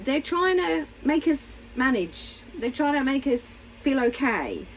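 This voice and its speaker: Woman therapist, middle-aged, casual and frank to camera, very animated delivery, faint hiss behind her. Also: high-pitched, low-quality recording. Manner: candid, blunt, animated, acts out little voices. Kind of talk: casual explanatory talk to camera.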